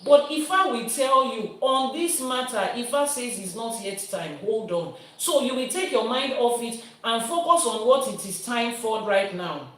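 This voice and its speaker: Her voice is a little high and a little slow, yet she barely pauses. This Nigerian priestess teaches lively lessons and answers viewer questions using everyday comparisons, recorded with a distant mic that sounds roomy.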